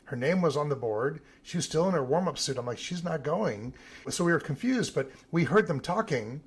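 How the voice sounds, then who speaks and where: A man, an Olympic team photographer, telling animated stories in an interview. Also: on the high side, a little fast, breathy edge. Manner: animated anecdotal telling with some vivid emphasis. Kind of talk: interview storytelling.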